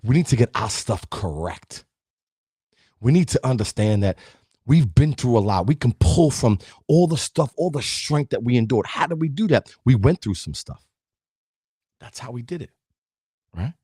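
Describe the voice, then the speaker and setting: A man's voice: mid-range voice, animated, moderate pace, dark tone, breathy edge, no room sound, clean studio sound. A middle-aged man hosting a podcast, giving an emphatic, preachy motivational talk straight to his listeners. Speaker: podcast host.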